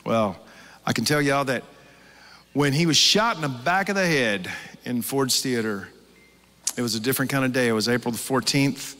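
A man's voice: medium pitch, moderate pace, long pauses. A middle-aged man preaching a sermon as pastor, telling stories animatedly and acting out the quotes. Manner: animated storytelling, acts out quotes. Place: large church hall. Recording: long hall reverb.

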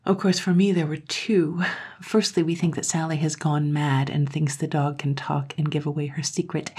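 A woman narrating a dark story in a hushed, often whispering manner and then commenting on it. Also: low voice, normal speed, husky. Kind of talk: audiobook storytelling.

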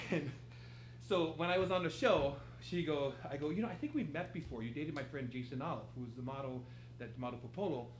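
This guest storyteller has a fairly high-pitched voice and a brisk delivery as he shares a comic tale at a live improv theater. He's animated, laughs as he goes, and performs the quoted lines. The recording picks up the theater's echo and ambient noise.

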